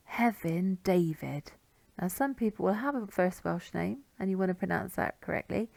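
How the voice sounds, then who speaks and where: A woman teaching pronunciation, saying each sound slowly and repeating it with care. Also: fairly low pitch, vocal fry, dry recording. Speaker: language teacher. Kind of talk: pronunciation lesson.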